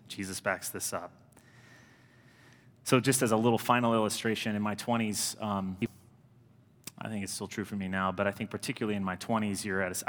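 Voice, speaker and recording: Earnest low-voiced preacher in a reverberant church. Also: male voice, a bit bright. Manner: earnest, conversational preaching with emphatic repetitions. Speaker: pastor. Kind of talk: sermon. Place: church sanctuary. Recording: long reverb of a large church.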